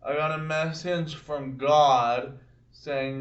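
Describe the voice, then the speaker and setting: Brief: young male vlogger, slow rambling storyteller, recorded far from the mic in a boomy room. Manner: rambling, halting, with many restarts. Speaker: vlogger telling personal stories. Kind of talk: casual storytelling to camera. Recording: distant mic in an echoey room, dull sound.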